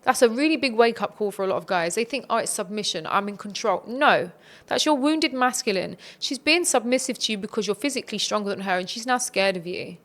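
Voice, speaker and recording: A woman's voice: fairly high pitch, animated, brisk, hardly any pauses, a bit bright. A woman speaking as a podcast guest, giving earnest, reflective advice in a conversational tone.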